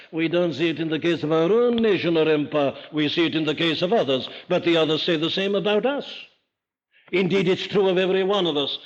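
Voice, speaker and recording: An older man from Wales with a Welsh accent, preaching an emphatic sermon full of rhetorical questions. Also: high-pitched. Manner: emphatic, rhetorical questions, rising to forceful declarations. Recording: dull lo-fi archival sermon recording.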